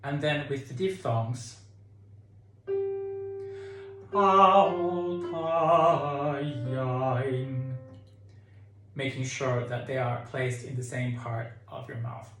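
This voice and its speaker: A man leading a choir tutorial, calmly explaining diction and sometimes singing phrases to show them. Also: mid-range voice, moderate pace, hardly any pauses, over music. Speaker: choir director. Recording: echoey room with keyboard.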